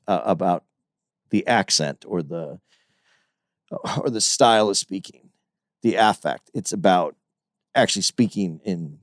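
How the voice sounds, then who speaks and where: A man's voice: medium pitch, a little mellow, dry recording, clean studio sound. A man co-hosting a podcast in casual discussion, explaining his point at length and restarting sentences as he thinks it through. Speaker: podcast co-host.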